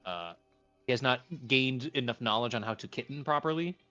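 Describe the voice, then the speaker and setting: A man's voice: medium pitch, expressive, a little fast, sharp tone, lo-fi sound, faint music behind. A man chatting casually on a voice call, giving wry, rambling explanations. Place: online voice call.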